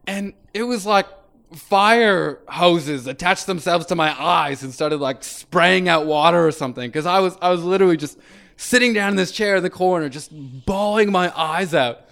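A man's voice: sits high, normal speed, vocal fry, fairly bright tone. A man giving a personal testimony in a conversational way, with many fillers and quoted lines acted out. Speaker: speaker sharing his faith story.

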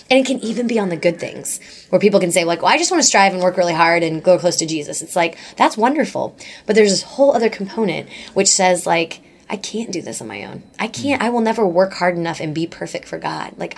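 Woman, lowish voice, earnest, rambling, warm-hearted interview chat. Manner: earnest, gushing, many likes and restarts. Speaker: guest speaker. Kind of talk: casual interview talk about faith.

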